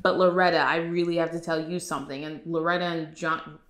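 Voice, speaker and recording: A woman's voice: deep voice, level tone, fairly bright tone. Giggly young woman recapping a movie. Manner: chatty and giggly, acting out lines in quick impressions. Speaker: film vlogger. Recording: echoey room.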